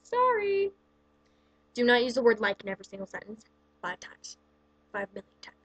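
A woman's voice: mid-range voice, fairly even intonation, quick pace, lo-fi sound. A woman vlogger ranting casually through a countdown list of pet peeves, exasperated and sarcastic, with plenty of "like" in her speech. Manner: exasperated, sarcastic, heavy use of "like".

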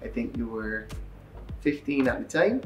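A young man chats with a close friend in an easygoing way. He laughs often and restarts his sentences. His voice sits at an average pitch, picked up from a distance in a roomy space with soft music underneath. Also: measured pace. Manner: relaxed, laughing, hesitant restarts. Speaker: cricketer, interview guest. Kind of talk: casual chat between friends.

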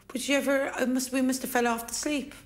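A middle-aged Irish woman, a bereaved mother, recounting events at home in a soft, halting way with many restarts. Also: high-pitched, little pitch movement. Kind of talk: emotional personal account. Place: family home indoors.

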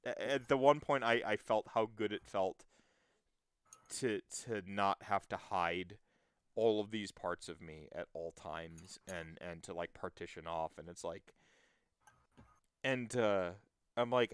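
Male podcast host, low-ish smooth voice, loose rambling talk full of restarts. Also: a little slow, dry recording, studio quality. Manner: rambling, many restarts and fillers, swears freely. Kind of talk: casual podcast chat.

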